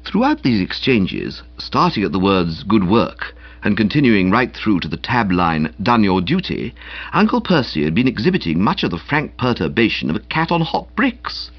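Man, audiobook narrator, wry comic reading, very lively pitch, dry dull recording. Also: moderate pace, few pauses, no room sound. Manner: expressive, wry first-person narration. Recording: dull, slightly muffled.

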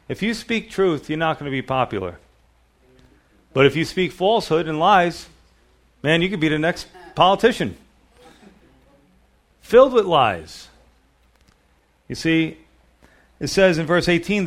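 A middle-aged male pastor giving a sermon, reading scripture aloud and explaining it in a conversational manner. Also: fairly high pitch.

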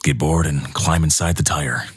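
Low husky man reading crude stories. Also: fairly even intonation, normal speed, dry recording, clean studio sound. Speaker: narrator. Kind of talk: reading internet stories aloud.

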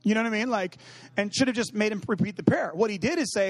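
A man with a notably high voice preaches in a loose, joking way, dropping into quick acted-out dialogues and fillers. The sound is dry and close, with almost no room echo. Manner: humorous, acts out quoted dialogue; conversational, many fillers like 'you know what I mean'. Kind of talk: casual sermon.

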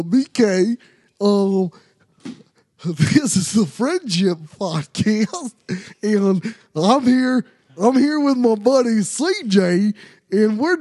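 A goofy male podcast co-host, squeaky-high and slow, stumbling over his own words, as a man puts him on. The sound is dry and close to the mic. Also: darkish tone, no echo, heavily acted. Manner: rambling, stammering, slow.

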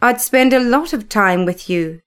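An earnest, affectionate teenage girl who speaks softly and tenderly, as a woman reader gives her voice. The delivery is unhurried and gentle, with a fairly high voice. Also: animated, smooth.

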